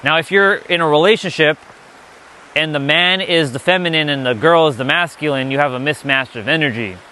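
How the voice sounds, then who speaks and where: Blunt, bright-voiced male spiritual teacher. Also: a little high, brisk, slight background noise. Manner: blunt, profane, emphatic. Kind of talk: unscripted spiritual lesson.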